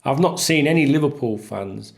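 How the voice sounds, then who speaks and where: A football fan vlogger talks casually to camera on his own, blunt, exasperated and swearing freely. His voice is medium-pitched, expressive and gravelly, at a moderate pace.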